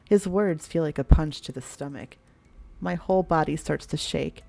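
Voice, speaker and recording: Low-voiced woman streamer reading a game. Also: normal speed, vocal fry, soft background music. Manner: expressive, swears freely, laughs at the story. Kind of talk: reading a visual novel aloud with commentary.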